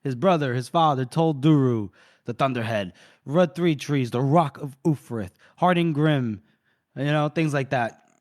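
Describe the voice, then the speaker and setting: A man's voice: mid-range voice, unhurried. A man co-hosting a book podcast, casually retelling a chapter and tossing off characters' lines as he goes. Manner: retells scenes loosely, voicing characters' lines in passing. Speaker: podcast co-host recapping a novel. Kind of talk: casual chat.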